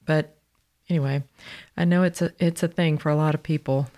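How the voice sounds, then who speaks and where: A woman, co-hosting a casual faith podcast in a gentle, easygoing way. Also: sits low, fairly even intonation, a little fast. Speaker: podcast co-host.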